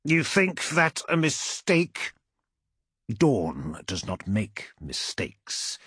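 A towering armored warlord, put on by a male narrator, lets each scornful word rumble out slowly with a husky grit. His menace sits heavy in a lively, swooping delivery. The audiobook read is dry and close. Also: dry recording. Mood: menacing.

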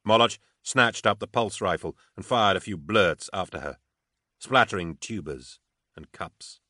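Deep-voiced male audiobook narrator. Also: animated, measured pace, sharp tone, no echo, clean studio sound. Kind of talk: scripted fiction narration.

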